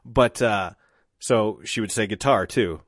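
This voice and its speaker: Low-voiced man musing on his podcast. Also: measured pace, no echo. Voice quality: dry mouth. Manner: reflective, rambling with restarts. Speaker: podcast host. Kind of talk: solo podcast monologue.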